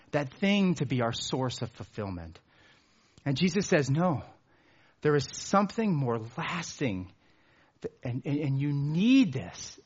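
A man with a slightly husky, fairly high voice delivers a sermon. His pitch is lively, climbing with emphasis and then sinking low. The recording sounds dull and lo-fi. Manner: earnest, builds up then drops low for emphasis. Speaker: pastor.

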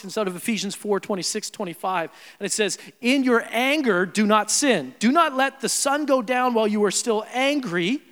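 A young adult man preaching a sermon as pastor, animated, swinging between loud emphasis and quiet asides. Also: high voice. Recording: long hall reverb.

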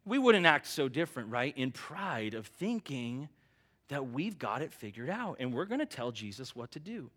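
A man's voice: mid-range voice, very animated, moderate pace, a bit bright. A male pastor preaching a sermon in an earnest, emphatic, conversational way.

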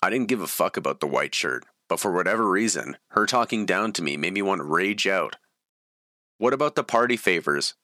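Man reading his story, matter-of-fact, lowish voice, bright tone, dry room. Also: animated, brisk, hardly any pauses, no echo. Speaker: memoir reader.

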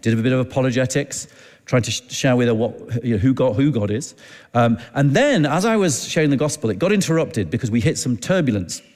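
A man preaching, telling a personal story in a chatty, halting way and acting out the dialogue. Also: medium pitch, animated, a little mellow. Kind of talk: anecdotal sermon storytelling. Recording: long hall reverb.

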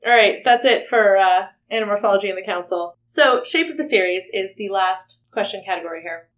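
A woman's voice: medium pitch, fairly quick. A woman co-hosting a casual podcast, laughing often and reading out listener comments. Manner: giggly, reads listener comments aloud. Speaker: podcast co-host. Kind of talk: casual chat.

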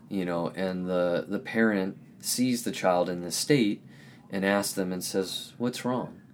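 A man with a somewhat low voice hosts a podcast and gives a reflective spiritual talk. He sounds earnest and gentle, searching for the right words as he goes. A faint background noise sits under his voice. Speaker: podcast host. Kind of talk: reflective spiritual teaching monologue.

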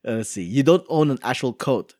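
A man's voice: medium pitch, lively intonation, darkish tone, dry recording. Chuckling man reading aloud, dry mic. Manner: halting, many restarts and chuckles. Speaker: podcast host. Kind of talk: casual chat, reading online answers aloud.

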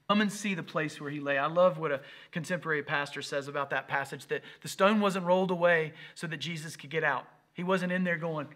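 Man preaching easter service online, keeps repeating lines, goes from loud to almost whispering, bright kinda pitched-up voice. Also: normal speed. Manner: impassioned, swinging from loud emphasis to near whisper; repeats phrases for emphasis. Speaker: pastor. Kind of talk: Easter livestream sermon.

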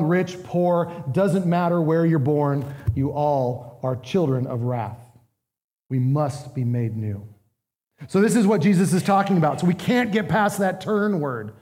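A man's voice: a little high, dark tone, big-room sound. A man preaching a sermon as pastor, earnest and emphatic, asking his listeners questions.

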